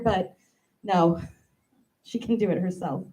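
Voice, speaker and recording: Female comic, 30s, warm low-key tone, lively storyteller who acts out every quote. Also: brisk, poor audio. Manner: animated, acts out quoted voices, playful asides. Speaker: comedian doing a stand-up bit. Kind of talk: stand-up comedy monologue.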